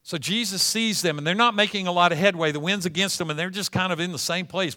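A man preaching a sermon with a fairly high, bright voice. He retells scripture as a lively story and acts out the scenes as he goes. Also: fast, few pauses. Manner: animated storytelling, acting out scenes.

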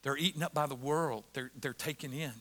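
A middle-aged American man preaching a sermon as pastor, moving between quiet reflection and loud, repeated emphasis. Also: a little high, steady tone, brisk. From United States.

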